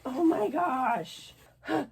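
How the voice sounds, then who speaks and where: A woman's voice: sits high, drawn-out words, creaky, background noise. A woman chatting casually to camera at home as a reading vlogger, gushing and exclamatory, swearing freely. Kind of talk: casual vlog chat to camera.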